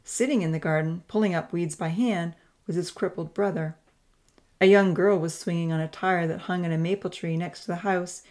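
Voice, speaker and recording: A woman narrating a Christian novel in a measured, expressive reading voice. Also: fairly low pitch. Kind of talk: scripted audiobook narration.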